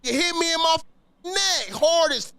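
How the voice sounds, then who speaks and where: Dude with a real high bright voice telling a wild school story, slangy, cussing a lot. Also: male voice, moderate pace. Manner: animated, slangy, swears often, acts out scenes. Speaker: podcast guest telling a story. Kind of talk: casual street storytelling.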